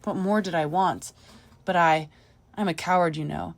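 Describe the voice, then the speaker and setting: A woman's voice: on the low side, steady tone, normal speed, gravelly. A woman reading the part of a feverish, grieving widower who broods and sinks to a near whisper. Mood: anguished. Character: feverish grieving middle-aged man, obsessive widower.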